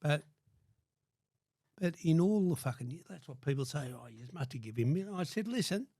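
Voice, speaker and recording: Gravelly older Australian man, blunt. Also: on the high side, expressive, moderate pace, dark tone, dry recording, studio quality. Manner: blunt, swears constantly, acts out quotes. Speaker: guest. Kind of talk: casual storytelling interview.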